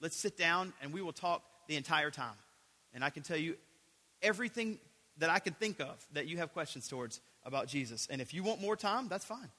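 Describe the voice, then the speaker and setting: A man's voice: fairly high pitch, lively intonation, fairly quick, bright, forceful tone. A man preaching a sermon as a pastor, earnest, and repeating key phrases for emphasis. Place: church sanctuary. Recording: echoey hall.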